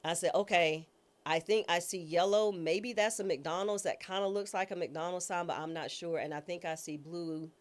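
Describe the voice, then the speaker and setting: A woman guest recounts a personal story with a low, grounded voice that stays in the lower register. She talks in a casual, informal way. She slips into other people's voices when quoting them as she tells the story. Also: normal speed. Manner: lively storyteller who acts out quoted voices. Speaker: guest, former judge and trial attorney.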